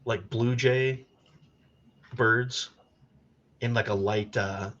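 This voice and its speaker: A man's voice: mid-range voice, fairly even intonation, extremely slow, a bit bright, muffled recording. A man narrating as game master of a tabletop game, in a laid-back, rambling way.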